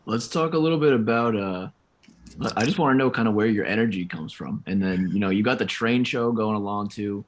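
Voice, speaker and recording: A man's voice: on the low side, brisk. A man co-hosting a podcast, asking his guest questions in a laid-back way. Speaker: podcast co-host. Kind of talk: casual podcast interview.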